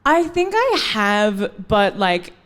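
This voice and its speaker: A woman with an Australian accent tells self-mocking stories on a live podcast, giggling as she goes. She speaks at an unhurried pace, with a mid-pitched voice. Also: big pitch swings, fairly bright tone. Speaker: guest. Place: Melbourne theatre stage.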